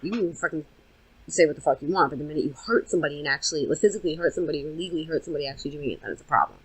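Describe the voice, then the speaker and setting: A woman's voice: low-pitched, racing, breathy edge, rough recording. A woman co-hosting a podcast in casual chat, blunt and swearing a lot. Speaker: podcast co-host.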